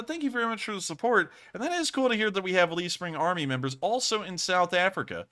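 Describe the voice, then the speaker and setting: A man's voice: on the high side, sharp tone, clean tone. A man hosting a live stream, answering viewer questions in a chatty, rambling way and often correcting himself. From United States. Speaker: host.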